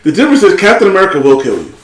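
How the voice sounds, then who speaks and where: A man hosting a podcast in casual chat, telling stories in a rambling, profane, animated way. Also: sits high, racing. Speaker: podcast host. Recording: echoey room.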